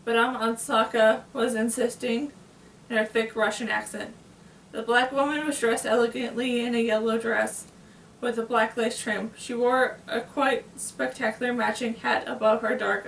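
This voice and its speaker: Woman, reading a novel aloud, fairly high voice, plain steady delivery, small slips, far from mic, echoey room. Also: moderate pace, gravelly, slight background noise. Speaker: reader.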